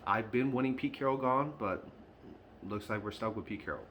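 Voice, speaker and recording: A man's voice: mid-range voice, normal speed, fairly bright tone, a little hiss or hum. A man talking straight to camera in an unscripted fan vlog, frustrated and emphatic, often repeating his points. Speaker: sports fan vlogger.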